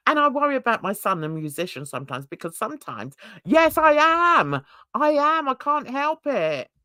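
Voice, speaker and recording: Brief: older woman from England, livestream host, animated, laughs often, dry video-call sound. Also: normal speed, no room sound. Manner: animated, laughing, swearing, jumps into high excited squeals. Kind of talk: casual livestream chat.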